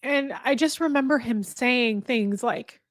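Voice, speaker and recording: A woman hosting a livestream, talking candidly and earnestly to her viewers, halting and restarting her sentences. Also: on the high side, no echo, clean studio sound. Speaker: livestream host. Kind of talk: candid emotional talk to viewers. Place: indoor room with a fire.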